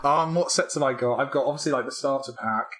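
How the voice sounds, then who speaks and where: A man with a bright, forward voice talks loosely on a casual podcast. He rambles, restarts his sentences and pokes fun at himself, with fillers scattered throughout. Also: medium pitch, quick pace. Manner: rambling, self-deprecating, many fillers and restarts. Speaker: podcast co-host, game developer. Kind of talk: casual chat.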